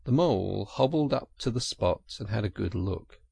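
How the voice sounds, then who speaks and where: A man narrating a classic storybook in an expressive, animated reading. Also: lowish voice, moderate pace, vocal fry, husky, no room sound. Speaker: audiobook narrator.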